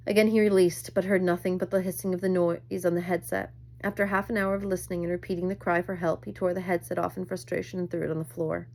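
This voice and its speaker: A woman reads a novel aloud in a lowish voice. Her delivery is measured and even, with an occasional small slip. It sounds like a plain home reading. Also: gravelly. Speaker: reader.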